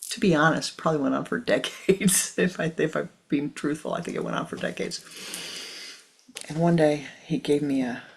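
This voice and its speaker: An older spiritual teacher giving a measured talk before a meditation, often dropping into a soft whisper. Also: medium pitch, creaky, a little hiss or hum, low-quality recording.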